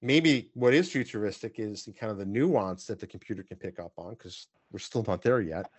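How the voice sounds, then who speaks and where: A middle-aged man with a New York accent, hosting a casual panel chat and telling animated stories with many fillers. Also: fairly low pitch, fairly quick, slightly rough, dry recording. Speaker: podcast host.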